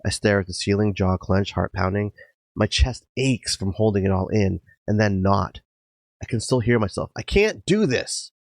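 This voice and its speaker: Gravelly low-voiced man narrating intensely. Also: fairly even intonation, moderate pace, no room sound. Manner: intense, emotional, swinging between quiet and sudden loud outbursts. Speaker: podcast host. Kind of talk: dramatic first-person narration. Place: garage.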